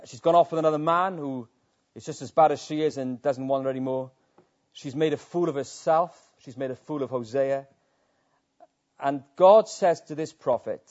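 A man's voice: fairly high pitch, a little mellow. A man preaching a sermon in an earnest manner, building to impassioned emphasis. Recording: dull lo-fi sound.

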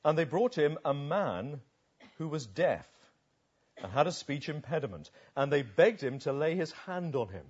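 A man preaching a sermon, shifting between slow emphatic pauses and quicker asides. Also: medium pitch, husky, dull audio. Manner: expressive, varied delivery with slow emphatic pauses.

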